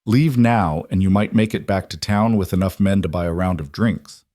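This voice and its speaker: A man voicing a calm protective cowboy. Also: sits low, normal speed, dry recording, clean studio sound, lightly acted. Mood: defiant.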